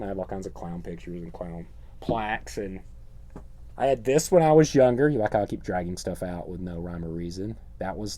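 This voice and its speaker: A middle-aged man with a fairly low voice rambles through a show-and-tell monologue for his horror channel. His delivery is sardonic, dropping deadpan jokes as he goes.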